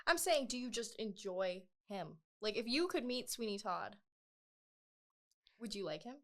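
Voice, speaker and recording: A woman's voice: mid-range voice, lively intonation, a little slow. A woman interviewer asking playful questions in a casual chat, giggling often.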